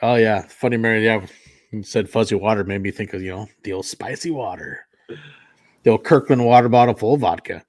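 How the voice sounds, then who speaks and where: A man's voice: lowish voice, a little fast, a little mellow. Laid-back man hosting a podcast. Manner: laid-back, swears casually, tells stories. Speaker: podcast host. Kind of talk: casual chat.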